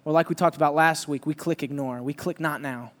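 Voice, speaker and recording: A man preaching a sermon, telling a lively personal story and teasing his listeners. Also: fairly high pitch, fairly quick, big-room sound. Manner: animated, joking storyteller who teases the audience.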